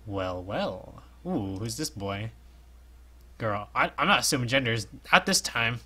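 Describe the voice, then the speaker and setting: Hoarse man, lively let's play commentary, bright husky tone, jokey. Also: mid-range voice, a little slow. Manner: animated, jokey, often laughing at himself. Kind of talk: reading a visual novel aloud with commentary.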